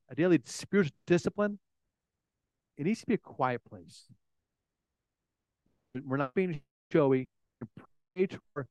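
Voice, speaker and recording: A man preaching a sermon to a room, telling stories in an animated way with frequent restarts. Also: fairly high pitch, no room sound. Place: room with an audience.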